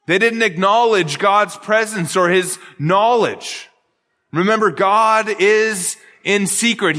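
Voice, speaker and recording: A male pastor preaching a sermon in a high, bright, forward voice. He teaches earnestly, often catching and restarting his phrases mid-thought. The sound carries a long hall reverb.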